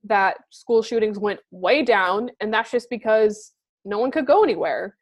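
A woman's voice: medium pitch, normal speed. Blunt, swearing young woman chatting. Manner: blunt, swears often, many fillers. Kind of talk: casual chat.

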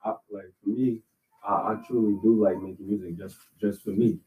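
A man's voice: on the low side, fairly even intonation, moderate pace, phone-quality sound. A young man, a guest musician, speaking in a laid-back, easygoing way in a casual interview chat over a video call. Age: young adult. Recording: echoey and distant, with loud music.

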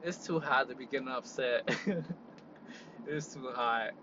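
A young man in a car, telling an exasperated, animated story as a casual vlog rant and leaning on "like" a lot. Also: mid-range voice, measured pace, dull audio, noisy background. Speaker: vlogger.

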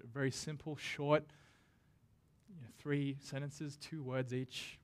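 Man, pastor, sermon, casual and conversational, middle pitch, dramatic slow emphasis on quotes. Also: steady tone. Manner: casual and conversational, with self-deprecating asides.

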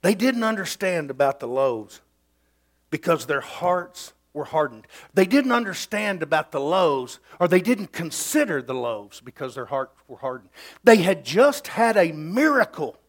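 Middle-aged preacher, high lively voice, emphatic folksy sermon delivery. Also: male voice, unhurried.

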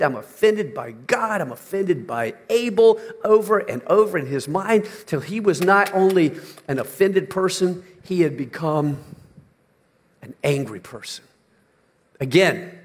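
A male pastor delivers a dramatic sermon with big-room sound around him. He lowers his voice and slows for emphasis before rising almost to shouting.

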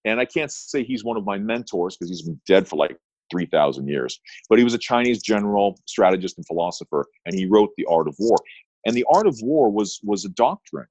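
A man's voice: fairly low pitch, darkish tone, no room sound, dull audio. A middle-aged man, an attorney talking as a guest in an interview, telling stories with emphatic, punchy repeated phrases. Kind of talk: interview storytelling.

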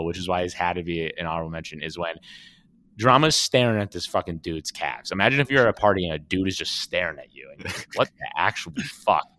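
A man co-hosting a casual podcast, telling stories with lots of swearing and acted-out quotes. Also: on the low side. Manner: animated storytelling, swears, acts out quotes. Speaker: podcast co-host. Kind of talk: casual chat.

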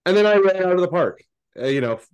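A man co-hosting a podcast, chatting casually and telling stories, swearing freely and loudly acting out quoted lines. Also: sits high, animated, fast talker, clear, resonant tone. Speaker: podcast co-host. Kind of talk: casual chat, storytelling.

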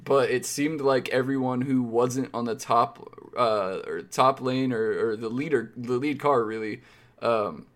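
A man co-hosting a casual sports podcast, rambling and wry, often correcting himself mid-sentence. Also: medium pitch. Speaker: podcast co-host.

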